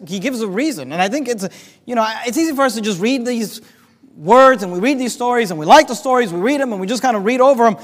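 A man preaching a Sunday night sermon, building with passion and rising to near-shouts as he quotes scripture. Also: extremely high pitch, big-room sound.

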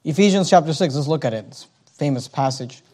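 High-voiced man preaching a sermon. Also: expressive, fast talker, warm tone. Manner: emphatic preaching with rhetorical questions; reads scripture aloud in King James wording.

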